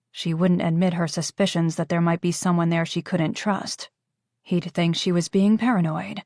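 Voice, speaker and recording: A woman narrates an audiobook in a calm, even reading. Her voice sits on the low side and sounds dry and close, with no room around it. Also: normal speed, dry recording. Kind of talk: scripted narration.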